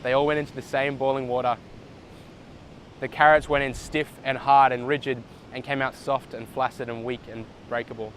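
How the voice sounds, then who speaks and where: Quiet, measured old grandmother, patient and wise, spoken by a man. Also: mid-range voice, level tone, slight background noise, natural voice, poor audio. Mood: calm, wise.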